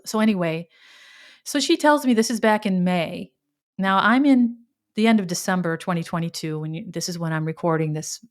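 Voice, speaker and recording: Middle-aged woman telling a rambling story. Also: lowish voice. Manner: rambling, backtracks often; animated quoted exclamations. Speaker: podcast host. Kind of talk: personal storytelling monologue.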